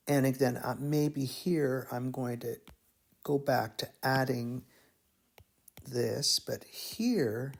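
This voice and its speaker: A man teaching melody writing in a slow, musing, think-aloud way, humming phrases as he explains. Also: medium pitch, vocal fry, slightly rough. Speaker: music teacher. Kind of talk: thinking-aloud composition tutorial.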